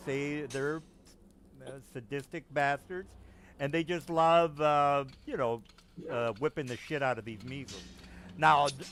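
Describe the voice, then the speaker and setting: A man's voice: medium pitch, a bit bright, a little hiss or hum. A man narrating as game master, casual and profane with lots of fillers.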